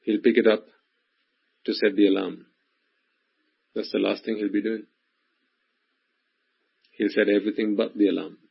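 Husky man preaching with repetition. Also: on the low side, flat delivery, moderate pace, long pauses. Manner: emphatic, repetitive, addresses the listeners directly. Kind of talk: sermon. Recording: dull lo-fi recording.

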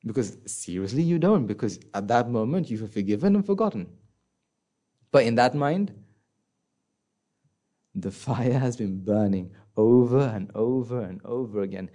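A man giving a conversational Buddhist dharma talk, often asking the listeners questions and acting out inner voices in a soft, low tone. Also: animated, normal speed, long pauses. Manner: conversational, asks the audience rhetorical questions. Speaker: Buddhist teacher.

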